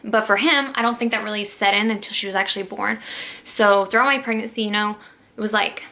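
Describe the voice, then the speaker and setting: Young woman with a gravelly bright voice. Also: medium pitch, fairly even intonation, a little fast. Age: young adult. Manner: emotional, rambling with many "like"s and restarts. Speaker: vlogger. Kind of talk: personal storytelling to camera.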